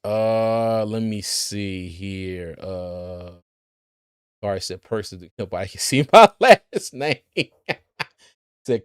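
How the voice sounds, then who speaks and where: A man's voice: on the low side, sing-song, slow pace, clear, resonant tone, dry recording, clean studio sound. A man who hosts a sports channel, giving casual livestream commentary, chatty, laughing often and repeating words.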